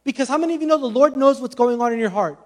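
Man, very high voice, passionate preacher, conversational sermon, casual asides. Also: racing.

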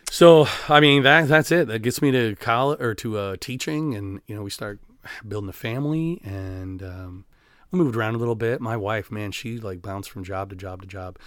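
A man in his forties, a band teacher from Iowa, talking candidly as a guest in a podcast interview, halting and reflective, with many fillers and restarts. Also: on the low side, no echo, studio quality. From Iowa, USA. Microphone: studio podcast microphone.

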